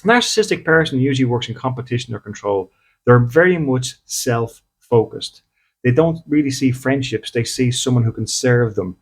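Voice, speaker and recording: A man's voice: medium pitch, animated, moderate pace, husky. A man, a spiritual medium, talking casually to his audience and often checking in with "okay?". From Ireland. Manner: conversational, acts out little dialogues, often checks in with "okay?". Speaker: spiritual medium and podcast host.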